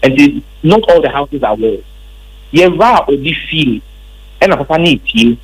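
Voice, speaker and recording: A man's voice: fairly high pitch, animated, moderate pace, husky, dry recording, rough recording. A man with a Ghanaian accent, a member of parliament, emphatically recounting events in an interview. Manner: emphatic, repetitive storytelling.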